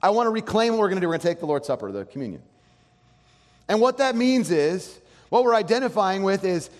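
A man preaching a sermon as pastor, animated, acting out quoted voices. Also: high-pitched, quick pace, long reverb tail.

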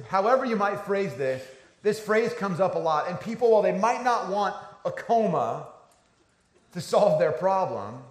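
A man's voice: on the high side, echoey room. A man in his thirties, a pastor giving a conversational, storytelling sermon.

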